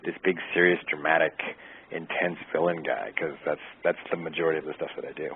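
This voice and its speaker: Low husky guy chatting about his acting, lots of ums, sounds like a phone call. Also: steady tone, fast. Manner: easygoing, searching for words with many fillers. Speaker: actor guest. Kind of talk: casual interview answers. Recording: tinny phone-like line.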